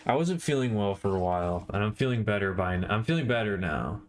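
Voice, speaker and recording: Drowsy low-voiced man streaming. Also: animated. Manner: slow, drowsy, stoner-like drawl. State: tired. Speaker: art streamer. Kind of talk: casual live-stream chat.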